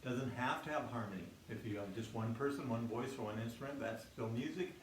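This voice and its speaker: A man's voice: mid-range voice, brisk, distant mic, slight background noise. A man teaching a children's music class, explaining things simply with a friendly manner and many restarts. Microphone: single microphone near his instrument. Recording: echoey room, instrument music loud behind.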